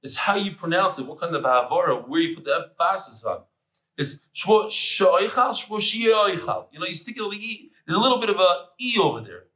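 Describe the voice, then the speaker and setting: A man giving a lively, chatty Talmud lesson in English, mixing in Hebrew terms. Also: high-pitched, a little fast, reverberant, low-quality recording. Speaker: Daf Yomi teacher. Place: room with tables and air conditioner.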